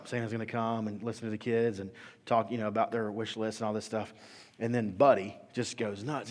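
Conversational preacher in a reverberant hall. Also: male voice, lowish voice, a little fast. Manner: animated and conversational, acts out quotes. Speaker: pastor. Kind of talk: sermon.

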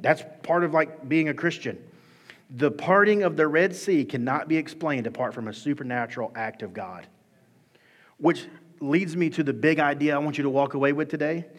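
A man preaching a sermon in a church, conversational and animated, with bursts of emphasis. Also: mid-range voice. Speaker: pastor. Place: church sanctuary. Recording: hall reverb.

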